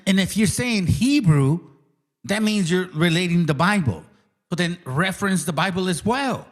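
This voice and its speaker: Host, male, heated rant; aggressive, mocking delivery in a slightly raised voice. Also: high-pitched. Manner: combative, profane, mocking. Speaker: channel host.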